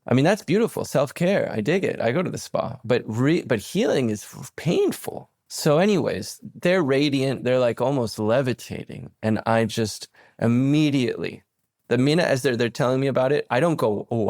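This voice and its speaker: A man in his forties from Venezuela, a podcast guest telling a reflective story in a rambling way, full of restarts and stammered repeats, jumping into animated quoted voices. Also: normal speed, dry recording, clean studio sound. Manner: slips into animated quoted voices and sudden high pitch leaps.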